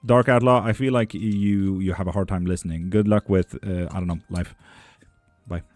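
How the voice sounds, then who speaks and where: A man's voice: sits low, fairly even intonation, moderate pace, darkish tone, no room sound, soft background music. A man reading tarot and bones on a live stream. He reads viewer questions aloud in a lifted voice, then answers them in a dry, teasing way in casual chat.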